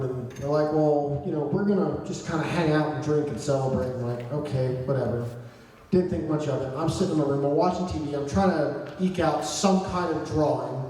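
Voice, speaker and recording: A young man telling a profane, comedic story at a convention panel, swearing constantly and putting on voices for his friends. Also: a little high. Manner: heavy swearing, animated voices for quoted friends. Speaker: audience storyteller. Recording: echoey hall, distant mic.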